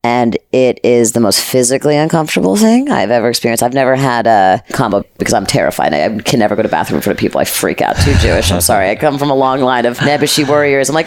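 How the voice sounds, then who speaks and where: A woman podcast host telling a story in casual chat, animated, dramatic and profane. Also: rumbling low, fast, hardly any pauses, no echo, clean studio sound.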